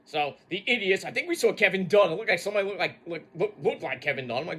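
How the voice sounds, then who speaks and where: A man's voice: high voice, fast talker, slight background noise. A man hosting a wrestling review, ranting casually with lots of swearing and mockery. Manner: animated, swearing, mocking. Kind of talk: casual profane rant.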